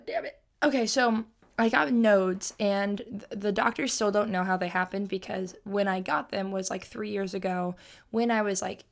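A young woman in her twenties chats alone on her podcast, loose and self-mocking, with lots of fillers. Her voice is slightly hoarse and scratchy, and she keeps clearing her throat. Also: medium pitch. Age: 20s. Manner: rambling, self-mocking, chatty with many fillers. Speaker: podcast host. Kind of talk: casual solo podcast chat.

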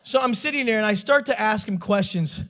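High, bright-voiced animated preacher man. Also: a little fast. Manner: animated, joking, acts out voices. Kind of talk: storytelling sermon.

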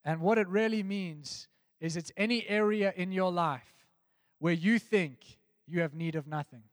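A man preaching an earnest devotional sermon, reading scripture and dropping soft and low on key phrases. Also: measured pace, no echo, big-room sound.

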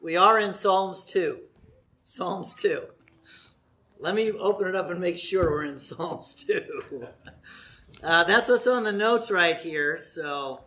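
High-voiced chatty man preaching. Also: slow, pushed and bright. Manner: chatty and jokey, laughs often. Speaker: pastor. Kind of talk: sermon with church announcements. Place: church sanctuary.

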